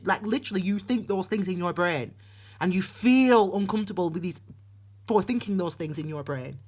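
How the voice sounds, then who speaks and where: A woman's voice: fairly low pitch, lively intonation, moderate pace. A woman giving a casual, rambling tarot reading, with frequent restarts and asides. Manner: chatty, rambling, with many restarts and voiced asides. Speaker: tarot reader.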